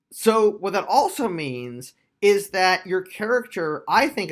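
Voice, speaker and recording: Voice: mid-range voice, a bit bright. A tabletop game reviewer giving a casual video review, chatty and explanatory with frequent fillers.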